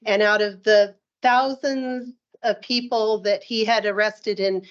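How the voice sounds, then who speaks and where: A woman leads a meeting and tells a story in a relaxed, conversational way, pausing often on fillers. Her pitch sits in the middle. The sound is muffled and lo-fi. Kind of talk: casual talk at a meeting. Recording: dull lo-fi room recording.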